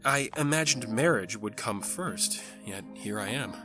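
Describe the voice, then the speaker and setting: A man's voice: fairly low pitch, animated, measured pace, over music. A man voicing a young king who speaks in a formal, earnest way in a fan audio drama. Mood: pensive. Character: young conquering king pondering family.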